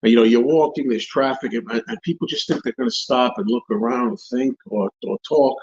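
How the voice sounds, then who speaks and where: A man's voice: mid-range voice, brisk, darkish tone, breathy edge, muffled recording. A man hosting a live stream, answering viewer questions in casual rambling chat, repeating and restarting his phrases as he rants.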